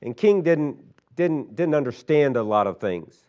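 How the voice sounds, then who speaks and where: A man's voice: medium pitch, animated, a little slow, darkish tone, lo-fi sound. A middle-aged male pastor telling a folksy story in a sermon, rambling with lots of fillers and restarts.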